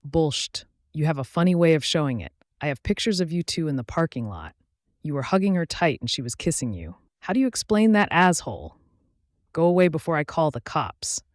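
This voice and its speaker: A man voicing an angry betrayed wife who shouts accusations in a story reading. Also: fairly high pitch, big pitch swings, brisk, no echo, clean studio sound. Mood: furious.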